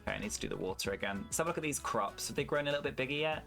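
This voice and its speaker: A man's voice: lowish voice, expressive, rapid-fire, gravelly, pushed and bright, faint music behind. A British man with a British English accent, chatting casually and swearing freely while streaming a farming game and answering his chat. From United Kingdom.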